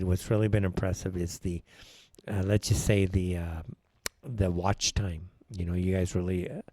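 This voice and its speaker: A man's voice: deep voice, a little mellow, no echo. A man hosting a live political talk show, ranting in an opinionated way and firing off rhetorical questions. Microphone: wears headphones while speaking.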